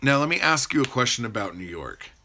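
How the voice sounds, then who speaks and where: A man's voice: mid-range voice, sing-song, a little fast, pushed and bright, slight background noise. A man hosting a livestream, rambling casually as he answers viewers' chat and swears freely. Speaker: livestream host.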